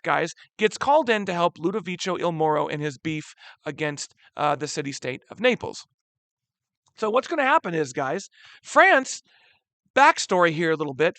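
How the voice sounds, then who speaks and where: A man teaching a history lesson in a casual, animated way, using slang and often calling his students "guys.". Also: high voice, dry recording. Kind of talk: casual classroom lecture.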